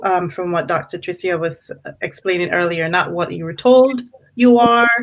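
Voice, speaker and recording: A woman speaking earnestly on a panel discussion, measured and faith-inflected, with frequent restarts. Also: fairly low pitch, steady tone, rough recording. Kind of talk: reflective panel talk.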